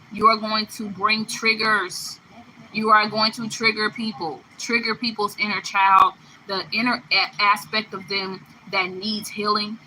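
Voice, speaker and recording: A medium-pitched woman sounds pushed and bright over a little hiss or hum in a low-quality recording. As a tarot card reader giving a spiritual reading, she talks emphatically and affectionately to the listener, repeating phrases and laughing between them.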